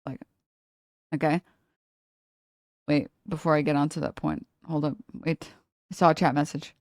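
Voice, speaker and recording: A woman's voice: low-pitched, fairly even intonation, moderate pace, vocal fry, darkish tone, no room sound, clean studio sound. A woman live streamer ranting about politics to her chat, blunt, sarcastic and profane, often laughing mid-sentence. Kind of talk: casual political rant to chat.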